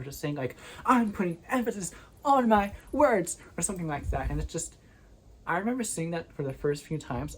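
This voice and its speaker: A vlogger with a low voice talks casually to her phone camera, propped on a windowsill in her bedroom. She rambles and keeps restarting her sentences. The recording is low quality, with steady background noise underneath.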